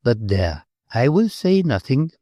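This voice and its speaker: A man's voice: mid-range voice, big pitch swings, unhurried, mellow, no echo, clean studio sound. A man voicing a dubious, secretive woman who hints at what she knows. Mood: knowing.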